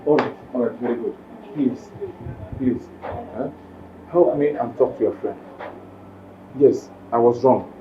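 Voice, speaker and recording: A man's voice: mid-range voice, measured pace, pauses often, muffled recording, crowd noise, close to an everyday voice. An actor playing a remorseful young man with a Nigerian accent, begging for help to reconcile, in a film drama. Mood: pleading. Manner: pleading, apologetic.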